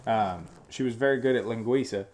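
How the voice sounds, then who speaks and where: A man's voice: mid-range voice, brisk, a little mellow. Joking man in a put-on Southern drawl. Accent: put-on American Southern drawl. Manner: joking, swears freely. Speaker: podcast co-host. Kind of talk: casual podcast chat.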